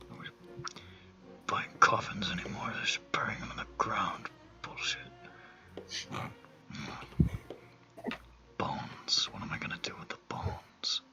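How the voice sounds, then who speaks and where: A man voicing a coffin maker who grumbles and mutters to himself in a low, half-whispered voice. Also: flat delivery, fairly quick, few pauses, background noise, close to an everyday voice. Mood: grumbling.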